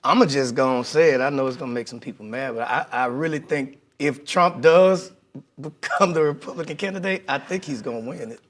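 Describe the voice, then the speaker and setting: Raspy, hoarse man. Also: mid-range voice, brisk. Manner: teasing, laughs often. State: hoarse from vocal nodules. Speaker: talk show co-host. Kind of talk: casual chat.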